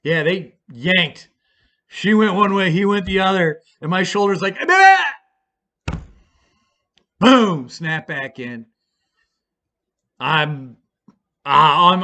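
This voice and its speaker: A man's voice: on the high side, lively intonation, slow, pushed and bright. A man casually telling a story, rambling and swearing freely with lots of fillers. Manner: rambling and profane, with many fillers. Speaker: storyteller vlogger.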